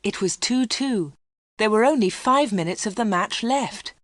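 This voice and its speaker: Female narrator for a learner's storybook, steady clear reading, dry. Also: medium pitch, a little slow, no room sound.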